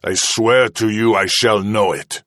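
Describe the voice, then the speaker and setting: A man voicing a cruel captain, slow and cold in his threats. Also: fairly low pitch, steady tone, fairly bright tone, no room sound, clean studio sound. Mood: grim. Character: cruel Spanish male captain, menacing and sarcastic.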